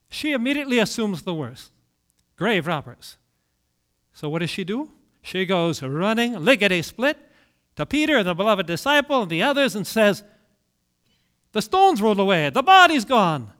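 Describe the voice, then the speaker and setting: A man preaching a sermon, telling the story with dramatic pauses and big swings between soft and loud. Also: high voice.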